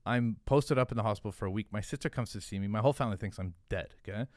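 Low-voiced man telling a profane story. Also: very fast, no echo, clean studio sound. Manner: profane, rambling, heavy use of "like". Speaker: podcast guest, hot sauce founder. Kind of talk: casual storytelling chat.

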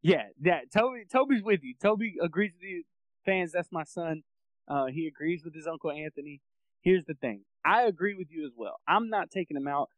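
Guy cohosting a sports podcast, kinda high voice, dry close sound, animated and laughs a lot. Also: a little fast, dry recording, poor audio. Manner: animated, laughs often, acts out quotes. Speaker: podcast co-host. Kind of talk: casual sports chat.

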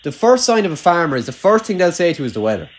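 A man's voice: sits high, sing-song, very fast, a little hiss or hum. A young man with a rural Irish accent, chatting casually, swearing freely and rambling with lots of "like". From Ireland. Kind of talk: casual chat.

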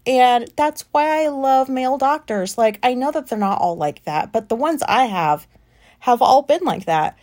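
A woman's voice: high-pitched, lively intonation, normal speed, darkish tone. A woman in her late thirties, an anxious and frustrated podcast host, venting in a rambling monologue that is full of swearing and fillers. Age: late 30s. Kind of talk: casual solo podcast monologue.

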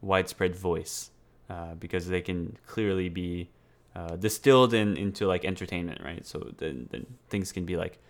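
A man in a casual political chat, rambling with lots of fillers and restarts, swearing now and then. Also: deep voice.

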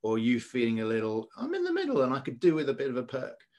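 A man's voice: mid-range voice, huge pitch swings, quick pace, darkish tone. A man hosting a podcast, in casual conversation, thoughtful and searching for his words. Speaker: podcast host.

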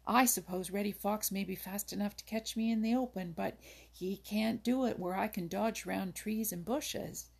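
A woman's voice: mid-range voice, moderate pace, hardly any pauses. A woman reading a storybook voices Jumper, a timid and shy male hare who answers hesitantly. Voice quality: husky.

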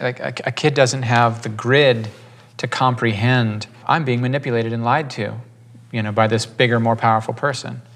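A man's voice: mid-range voice, a bit bright. A man leading a church class, teaching and telling stories informally, rambling with restarts and acting out quotes.

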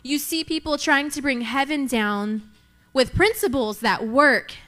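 A woman's voice: high-pitched, a little slow, a bit bright. A young woman preaching a sermon, emphatic, repeating key lines for effect.

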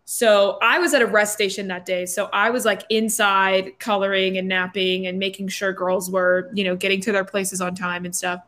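A young woman in her twenties, telling a story in a casual chat with lots of fillers. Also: medium pitch. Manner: animated, quick storytelling with many fillers.

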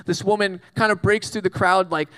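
A man's voice: sits high, steady tone, a little fast, pushed and bright, clear, resonant tone. A man preaching a casual sermon, telling a Bible story with jokes and acted-out asides. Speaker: pastor.

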